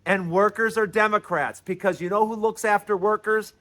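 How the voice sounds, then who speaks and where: Male host, high pitch, emphatic lecturing monologue. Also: steady tone, moderate pace, bright, forceful tone. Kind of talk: opinionated political monologue.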